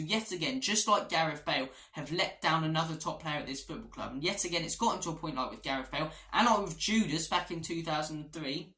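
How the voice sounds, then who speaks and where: Male fan vlogger, passionate and opinionated, bright voice, recorded in an echoey room. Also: on the high side, brisk. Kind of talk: opinionated match preview.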